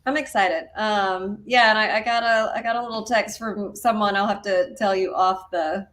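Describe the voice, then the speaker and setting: A woman's voice: mid-range voice, fairly even intonation, normal speed, a bit bright. A woman co-hosting a podcast in casual chat, telling chatty stories with frank asides. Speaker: podcast co-host.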